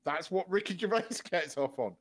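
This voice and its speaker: A man co-hosting a podcast in casual chat, talking in an animated, sweary way and laughing often. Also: high-pitched, normal speed. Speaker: podcast co-host.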